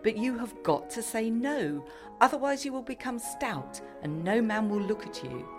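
A woman's voice: on the high side, big pitch swings, normal speed, music in the background, voice pushed up. A woman voicing a posh, fussy middle-aged mother who lectures firmly in a trilling voice. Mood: lecturing.

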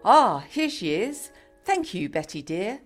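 A woman's voice: mid-range voice, very animated, measured pace, faint music behind, voice pushed up. A woman voicing a posh, fussy middle-aged mother who lectures firmly in a trilling voice. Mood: gracious.

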